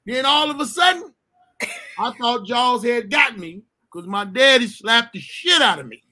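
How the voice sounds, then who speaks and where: Speaking slowly and leaving long pauses, a man with an extremely high voice recounts a funny childhood episode in casual conversation. He's animated and foul-mouthed, laughing a lot and imitating the voices of others.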